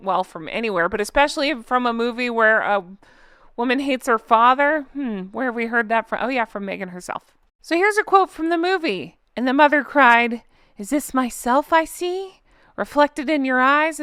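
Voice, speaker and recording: A woman in her thirties with a Southern accent hosts a casual commentary video, sarcastic and full of disbelief. Her voice sits a bit high and sounds smooth and clean. The recording is close and dry, with no room echo. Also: a bit bright. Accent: Southern American. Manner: sarcastic, incredulous, chatty. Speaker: commentary channel host.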